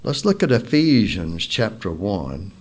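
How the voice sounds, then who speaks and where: A man preaches a sermon at a very unhurried pace. His voice sits low, and he leans on single words one by one, as if teaching. He reads scripture in old-fashioned wording. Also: big pitch swings, breathy edge. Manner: slow, deliberate, stressing single words; reads scripture aloud in King James wording.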